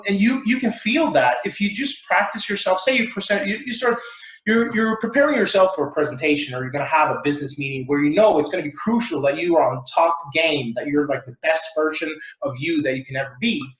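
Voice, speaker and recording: Guy with a voice, fairly high, jumps into playful bits, echoey dull recording. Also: a little fast. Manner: lively, playful, acts out mock accents and sounds. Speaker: communication expert guest. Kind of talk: animated interview answers. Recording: roomy, dull lo-fi sound.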